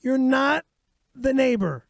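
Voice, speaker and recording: Grumpy co-host, a man with a very high, gravelly voice, sounds dry and close-miked. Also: expressive, takes it slowly, no echo. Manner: indignant, swears a lot. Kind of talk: comedic bickering banter.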